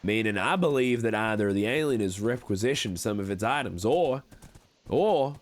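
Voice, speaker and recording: A smooth-talking frontier swindler , as a man puts him on for his stream, leaning into a thick Western drawl. His pitch rises and dips all over the place, lively and sing-song, selling every word like snake oil. Folksy patter in a game roleplay. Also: moderate pace, lightly acted. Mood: scheming. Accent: put-on American Western drawl. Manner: folksy, wheedling salesman patter. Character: slick smooth-talking cowboy conman, adult male.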